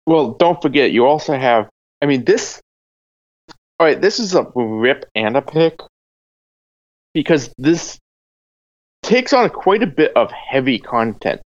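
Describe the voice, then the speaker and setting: Animated rambling panel guest, lo-fi mic. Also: mid-range voice, a little slow, long pauses. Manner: animated, rambling, lots of fillers. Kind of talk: casual panel discussion.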